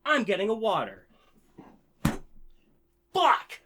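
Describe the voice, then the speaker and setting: A man ranting passionately on his own channel, heavily profane and swinging between biting sarcasm and loud, excited enthusiasm. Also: high-pitched, measured pace. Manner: profane, heated, swings from sarcasm to shouting joy. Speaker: channel host. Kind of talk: impassioned ranting vlog.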